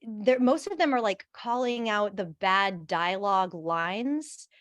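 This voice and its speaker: A woman's voice: mid-range voice, expressive, slow pace, fairly bright tone, no room sound. A woman co-hosting a podcast, chatting casually about movies with lots of laughs and fillers. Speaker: podcast co-host. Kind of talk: casual film review chat.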